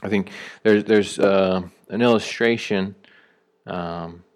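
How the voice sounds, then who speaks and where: Lowish-voiced guy preaching, chatty and loose, lots of ums and restarts. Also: steady tone, takes it slowly. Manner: conversational preaching with many fillers and restarts; rises sharply when acting out calling someone back. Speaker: pastor. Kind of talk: sermon.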